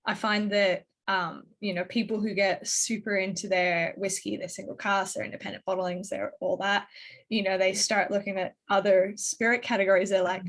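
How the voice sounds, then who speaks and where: A woman's voice: medium pitch, little pitch movement, normal speed. A woman with an Australian accent hosting a virtual tasting, chatty with many fillers. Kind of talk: casual hosting chat. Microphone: video call.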